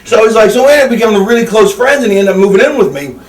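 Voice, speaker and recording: A man's voice: sits high, very fast, echoey room, distant mic. A man telling a long story in casual chat, rambling and profane, often acting out what others said. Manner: rambling, profane, acts out quoted voices. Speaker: podcast co-host.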